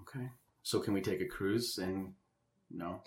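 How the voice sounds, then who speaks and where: A man's voice: low-pitched, measured pace. A man co-hosting a podcast in casual chat, joking and laughing often. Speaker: podcast co-host. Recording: roomy echo.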